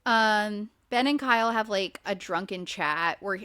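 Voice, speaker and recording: A woman hosts a podcast in loose, casual chat, recapping episodes with plenty of "like" and "um" and a swear word here and there. Her pitch sits in the ordinary middle range for a woman. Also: measured pace, sharp tone, smooth. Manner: chatty, filler-heavy, swears freely. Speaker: podcast host.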